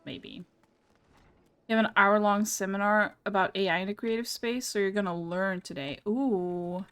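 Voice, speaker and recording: A woman's voice: mid-range voice, moderate pace, a bit bright, clean tone. A young woman streamer giving casual, giggly, chatty commentary while playing a game. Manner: giggly, chatty, self-deprecating.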